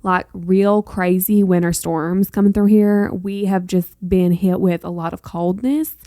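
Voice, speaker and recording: A woman's voice: on the low side, steady tone, unhurried, mellow, no echo. Chatty young woman, dry close sound. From North Carolina, US. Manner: chatty, rambling, playfully sassy asides. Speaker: podcast host. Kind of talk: casual solo podcast chat.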